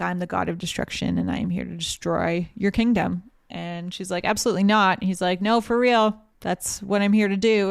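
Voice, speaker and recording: A woman's voice: mid-range voice, smooth, no echo, studio quality. A woman co-hosting a casual book club podcast, retelling the plot and briefly voicing the characters' lines. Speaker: podcast co-host summarizing a book. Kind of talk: casual chat.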